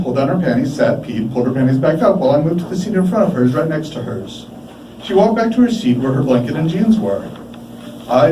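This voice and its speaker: A man giving a live reading of his prose, measured and deliberate, with dramatic pauses. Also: on the high side, noisy background. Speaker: writer reading his work. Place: bar, live event. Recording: echoey bar from a distant mic. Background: faint room ambience.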